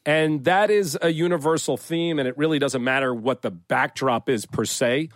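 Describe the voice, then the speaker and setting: A middle-aged man talks in a loose, rambling way on a podcast, circling back and restarting as he thinks aloud. His voice sits at an ordinary pitch, and the recording is dry and close with no room sound. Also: normal speed, no room sound. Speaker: podcast co-host, series creator. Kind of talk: casual podcast chat.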